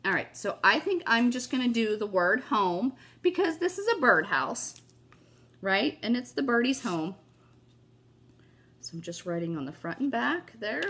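A woman's voice: on the high side, big pitch swings, measured pace, a bit bright, husky. A woman hosting a casual crafting tutorial. She talks in a gushing, chatty way and has a cough. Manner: gushing, chatty, keeps saying "you guys" and "oh my gosh". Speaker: craft video host.

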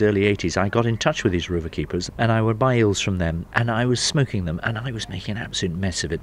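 A middle-aged man, a smokery owner, telling his story in a lively, chatty way. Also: lowish voice, slight background noise. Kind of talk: anecdotal storytelling.

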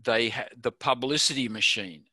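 A man's voice: medium pitch, normal speed, sharp tone, no room sound. An older Australian man being interviewed, telling a chatty anecdote and chuckling at his own story. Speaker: interview guest.

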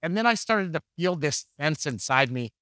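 A man's voice: on the high side, animated, normal speed, bright, forceful tone, no room sound, studio quality. A man preaching a conversational sermon, telling candid, jokey stories and acting out the dialogue. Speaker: pastor.

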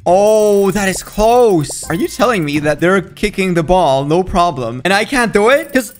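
A young man giving excited running commentary while he plays a video game, cheering and groaning at each kick and talking to his in-game pets. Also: high-pitched, moderate pace. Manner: hyped, jumpy, talks to the game and its pets. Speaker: gaming video creator. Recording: faint background music.

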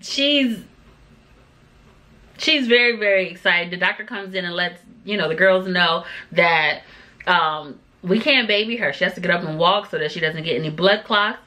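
Bright-voiced chatty woman recapping. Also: fairly low pitch, moderate pace. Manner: chatty, with many fillers and asides; sassy, talks back to the people on the show. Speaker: TV show reviewer. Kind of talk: casual episode recap.

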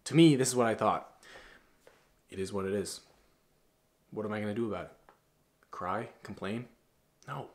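A man's voice: on the low side, normal speed, long pauses. Blunt, preachy young man coaching. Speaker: masculinity coach. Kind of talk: casual motivational monologue.

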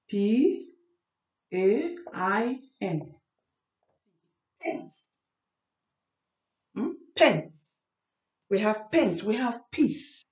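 Slow, echoey woman teacher drilling spelling. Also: medium pitch. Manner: spells words letter by letter, repeats each word, asks "hmm?". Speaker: English teacher. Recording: echoey room.

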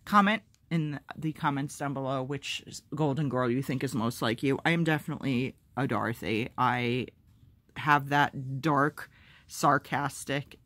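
Excitable woman rambling to her phone cam at home, casual vlog chat, pokes fun at herself. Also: a bass voice, a little slow, no room sound. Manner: self-deprecating humor. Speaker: vlogger opening fan mail. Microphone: phone camera.

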